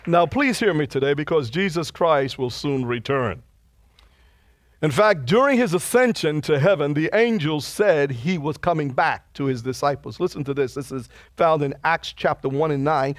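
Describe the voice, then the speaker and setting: Animated preaching pastor, high lively voice. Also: male voice, normal speed, dry recording. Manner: animated preaching with rising emphasis on scripture readings. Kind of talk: sermon.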